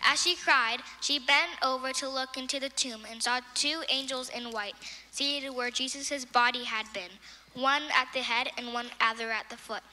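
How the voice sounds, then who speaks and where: Bright high-voiced woman telling a children's story. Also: steady tone, normal speed, long reverb tail, slight background noise. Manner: simple, clear storytelling. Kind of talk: Bible story read to children. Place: church.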